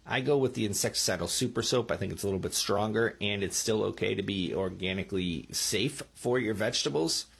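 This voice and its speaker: A man talks through garden tips in a relaxed, instructional way, speaking into a microphone. His voice sits a bit low and has a husky edge. He keeps checking in with his listeners with a quick "okay?" or "right?". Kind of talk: casual instructional talk.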